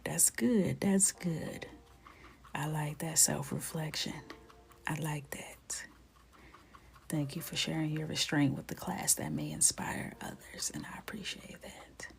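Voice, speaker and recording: A woman chatting casually on a live stream as she colors, greeting viewers by name, often dropping to a soft near-whisper. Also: sits low, creaky.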